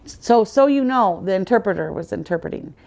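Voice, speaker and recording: A woman's voice: medium pitch, animated, a little fast, vocal fry, a little mellow. A woman guest on a podcast, earnestly telling her personal faith story in conversation and acting out the dialogue she quotes.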